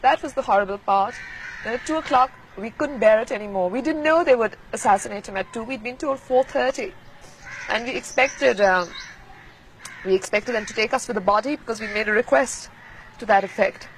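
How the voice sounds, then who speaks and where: A woman from Pakistan recalling events in an archival interview, speaking in a quiet, measured, reflective way. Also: fairly high pitch, slight background noise, rough recording.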